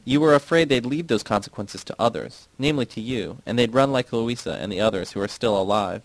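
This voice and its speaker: An earnest young idealist argues his case at length and gets defensive, read by a man. His voice stays at an ordinary pitch. The sound is dry and close. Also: fairly quick, no echo, natural voice. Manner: earnest, argumentative explaining.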